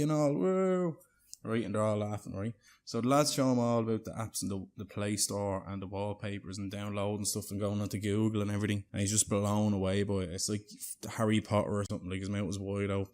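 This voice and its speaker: A man telling a prank story casually, rambling and checking in with "right?" and a bit of swearing. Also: fairly low pitch.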